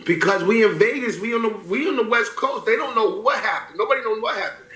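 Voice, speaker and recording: A man in his forties telling stories in a casual interview, profane and animated, acting out what people said. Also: high voice, fast. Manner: animated storyteller, profane, acts out quotes. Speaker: rapper guest. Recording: roomy echo.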